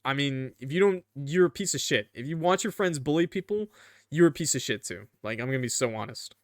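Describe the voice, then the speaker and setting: A man's voice: mid-range voice, animated, fairly quick, no echo, clean studio sound. A man hosting a gaming video, reading a story game aloud and adding casual, frank asides between lines.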